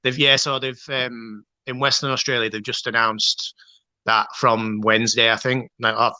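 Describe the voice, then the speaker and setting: A man's voice: mid-range voice, flat delivery, moderate pace, pushed and bright, no room sound, rough recording. A man from the Leeds area chatting casually as a guest on a video call, laid-back and chatty. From Leeds area, England. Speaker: guest fan.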